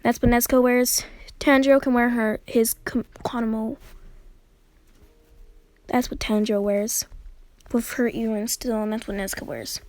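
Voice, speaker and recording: Woman, higher voice, casual rambling storyteller who keeps restarting sentences. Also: fairly even intonation, moderate pace, pauses often, a little mellow, no room sound. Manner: rambling, many fillers and self-corrections. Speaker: fan storyteller.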